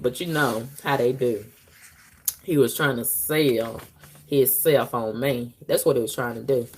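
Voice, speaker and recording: A woman's voice: very deep voice, steady tone, a little slow, darkish tone. A woman vlogger, bluntly and profanely telling her dating stories, laughing often. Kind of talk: candid storytelling monologue.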